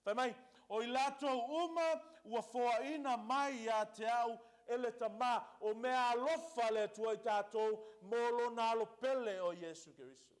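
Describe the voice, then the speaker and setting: A man, a pastor, preaches a sermon at a moderate speed from the pulpit. His voice sits on the high side for a male speaker, and he code-switches between two languages while hammering points home through emphatic repetition.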